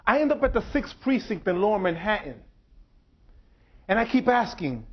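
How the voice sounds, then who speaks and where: A man with a fairly high voice gives a slow, deliberate public talk at a university. The recording sounds dull and lo-fi. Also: sing-song. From United States. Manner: slow, measured, deliberate delivery. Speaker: speaker. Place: university lecture hall.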